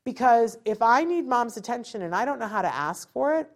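A woman's voice: a little high, lively intonation, brisk, hardly any pauses. A woman giving an informal teaching talk to parents. She acts out quotes and keeps asking rhetorical questions. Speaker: parent educator.

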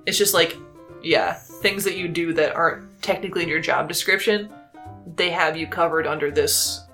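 A woman's voice: deep voice, moderate pace, sharp tone, faint music behind. A woman co-hosting a casual podcast, recapping a stage musical's plot with lots of laughs and fillers. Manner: giggly, upbeat, lots of "like". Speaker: podcast co-host.

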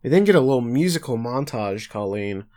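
A man's voice: medium pitch, animated, fairly quick, a little mellow. A man co-hosting a podcast, casually recapping an episode in a rambling, self-correcting way with dry jokes.

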